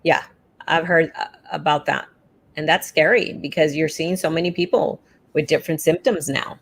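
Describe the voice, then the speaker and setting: Earnest low-voiced woman union leader. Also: fairly even intonation, moderate pace. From South Texas. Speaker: educators' association leader. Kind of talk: casual live-stream chat.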